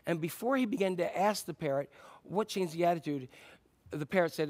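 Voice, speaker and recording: Conversational preacher man, fairly high voice. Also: a little fast, darkish tone. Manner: storytelling, conversational, with fillers and restarts. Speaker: pastor. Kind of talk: sermon.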